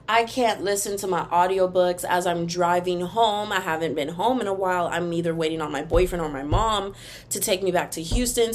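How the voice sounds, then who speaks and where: A young woman with a lowish voice hosts a solo podcast, talking straight into a close mic. She rambles and rants in an animated, emphatic way, and slips in a bit of faint room sound. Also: slight background noise. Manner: animated, emphatic, rambling, sings a taunting chant. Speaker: podcast host. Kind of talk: casual solo podcast rant.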